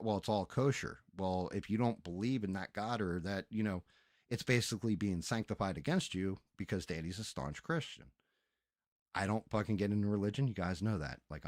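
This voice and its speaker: A man's voice: on the low side, a little mellow, no echo, studio quality. A man streaming on a headset mic, telling a story in a casual, profane, exasperated rant. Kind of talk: casual ranting stream chat.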